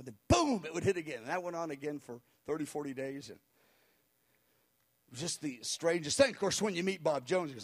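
A man recounting a spiritual experience as an animated personal testimony, acting out the people he quotes and chuckling as he goes. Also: on the high side, fairly quick. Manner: acts out the people he quotes, with cries and hushed voices.

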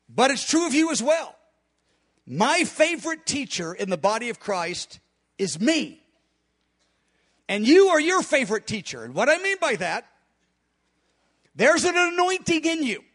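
High-pitched guy preaching, fast hard talker, really emphatic. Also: a bit bright. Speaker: preacher teaching on prayer. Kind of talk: sermon-style teaching.

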